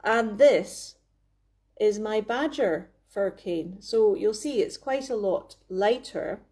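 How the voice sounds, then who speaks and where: A woman chats on a live stream, filmed on her phone in her home craft workspace. Her voice is mellow and warm, sitting at a middle pitch. She rambles cheerfully, restarts her sentences often and laughs now and then. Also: slow. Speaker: craft maker hosting a live chat. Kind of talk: casual live-stream chat. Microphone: phone camera.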